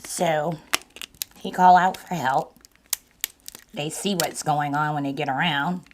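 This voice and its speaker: A woman with a sore throat, hosting a mukbang and slowly retelling a story to her viewers in a casual way. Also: deep voice, slight background noise. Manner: slow, deliberate retelling with repeats. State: sore throat, partly lost voice. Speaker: mukbang channel host.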